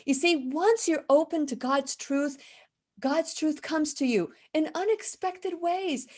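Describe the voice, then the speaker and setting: This radio host, a woman in her fifties with a slight lisp, tells heartfelt stories and reads out viewer comments on her live faith program, frequently starting over mid-thought. Her voice is high-pitched yet somewhat dark in tone.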